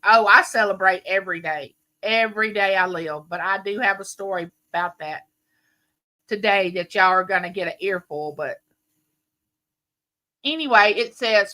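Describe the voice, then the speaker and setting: A late-50s woman talks with viewers during a casual home live stream, warm and chatty, rambling through her stories. Her medium-pitched delivery is a little slow, with frequent pauses.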